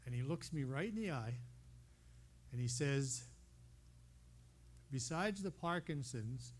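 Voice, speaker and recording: A man telling a healing testimony to a congregation in a meeting room, talking straight to his listeners as an animated storyteller. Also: medium pitch, a little hiss or hum. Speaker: speaker sharing a healing testimony. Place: meeting room holding about a hundred people.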